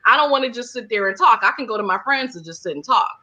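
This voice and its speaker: A woman speaks as an interview guest in a bright, clear-edged voice. She talks casually and animatedly, full of fillers. The recording sounds slightly muffled and lo-fi. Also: a little high, fast talker. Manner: animated, many fillers like "like" and "you know". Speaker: guest, holistic healer and counselor. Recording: dull lo-fi sound.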